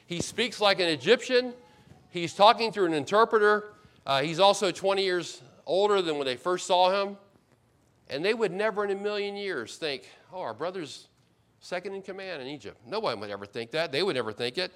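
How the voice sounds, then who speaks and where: Male pastor, sermon, earnest and emphatic, slightly high voice, repeats himself, frequent restarts. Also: expressive, normal speed, fairly bright tone. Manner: stumbles and restarts mid-phrase. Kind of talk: expository sermon.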